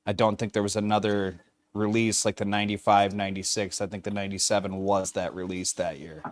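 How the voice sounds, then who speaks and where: A man's voice: lowish voice, little pitch movement, brisk. A man in a casual chat, explaining details and asking eager questions.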